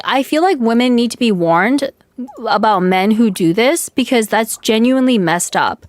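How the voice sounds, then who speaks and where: A young woman streamer venting in casual live chat, talking fast with lots of "like", her voice a bit hoarse from yelling. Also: a little high, no echo.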